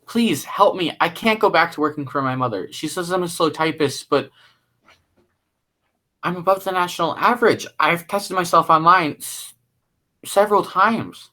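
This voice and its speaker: A man's voice: fairly high pitch, normal speed, pushed and bright. A man playing a nervous, desperate casting director who is polite to actors but pleads and frets, speaking over a video call. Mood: pleading. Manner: polite, then pleading and exasperated.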